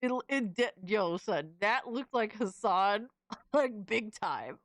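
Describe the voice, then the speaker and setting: A woman's voice: mid-range voice, lively intonation, takes it slowly, no room sound, studio quality. A young woman streamer reacting casually to fan images, slangy and exclamatory, often laughing.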